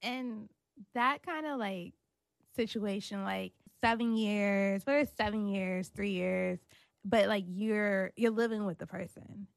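Gravelly-voiced woman chatting casually. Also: mid-range voice, no echo. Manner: relaxed, halting, trails off with fillers. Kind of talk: casual chat.

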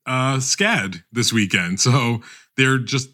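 A man hosting a podcast, talking animatedly in a casual roundtable chat with many quick restarts. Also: medium pitch, bright, forceful tone. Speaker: podcast host.

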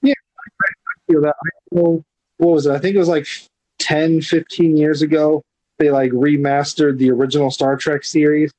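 A man's voice: on the high side, level tone, moderate pace, a little mellow, no room sound, rough recording. A man in casual podcast chat, laid-back and swearing offhand.

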